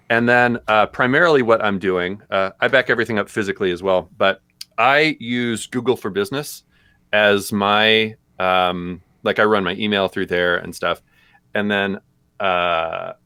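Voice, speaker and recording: Low, dry-voiced man chatting on a stream. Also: sharp tone, no echo. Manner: loose, rambling, lots of fillers. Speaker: co-host answering viewer questions. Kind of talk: casual live-stream chat.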